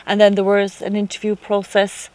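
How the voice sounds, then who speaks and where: A woman's voice: mid-range voice, completely flat delivery, moderate pace, a little mellow, no echo. A middle-aged woman with an Irish accent, a mature student talking frankly and chattily in an interview. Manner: frank and chatty, acts out quoted exchanges. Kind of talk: interview answers.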